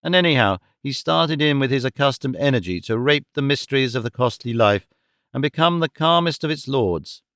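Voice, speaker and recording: A man giving a measured, scripted narration of a classic novel, shifting his voice for the quoted characters. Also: mid-range voice, animated, a bit bright, no room sound, studio quality. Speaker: audiobook narrator.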